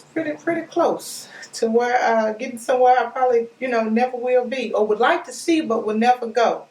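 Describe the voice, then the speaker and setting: A woman vlogger, chatting excitedly with viewers as she unboxes a package. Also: on the high side. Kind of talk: excited casual unboxing chat. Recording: echoey room, voice a bit far from mic.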